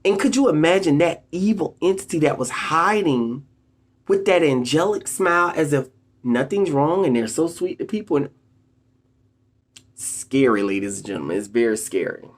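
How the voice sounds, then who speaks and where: A video host giving casual motivational advice to viewers, an animated storyteller who keeps addressing the audience directly with emphatic, drawn-out phrases. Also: mid-range voice. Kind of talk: casual motivational talk to camera.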